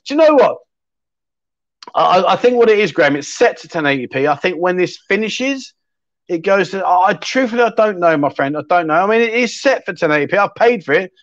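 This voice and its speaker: A middle-aged man runs a livestream in a slightly high voice. He rambles in a friendly way and picks up viewers' comments as they come in. The sound is dry and slightly dull. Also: expressive, fairly quick, no room sound. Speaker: livestream host. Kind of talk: casual livestream chat.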